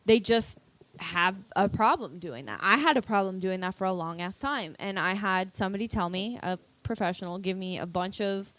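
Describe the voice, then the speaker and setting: A woman's voice: mid-range voice, moderate pace, fairly bright tone, low-quality recording. Woman co-host giving blunt advice. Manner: advice-giving, talks over others. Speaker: podcast co-host. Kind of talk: casual chat.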